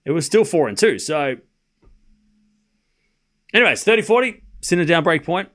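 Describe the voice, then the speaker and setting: A man's voice: on the high side, lively intonation, moderate pace, fairly bright tone. A man hosting a live tennis watchalong stream, rambling casually, tossing rhetorical questions and sarcastic asides to his chat between score calls. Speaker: stream host and tennis commentator. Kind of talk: casual livestream commentary.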